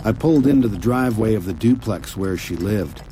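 A man narrating an audiobook story in a quiet, measured, intimate way. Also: on the low side, expressive, a little hiss or hum. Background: soft music.

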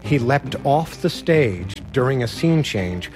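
A man telling a funny personal story in a wry, animated way, acting out the other people's lines. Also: medium pitch, takes it slowly. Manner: wry, animated, acts out voices. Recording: music bed behind voice.

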